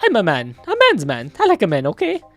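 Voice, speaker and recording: A man's voice: high-pitched, huge pitch swings, quick pace, fairly bright tone, faint music behind, exaggerated voice. A man voicing a nervous young delivery boy in a video game, stammering and hesitant. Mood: flustered. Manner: stammering, hesitant, lots of uhs.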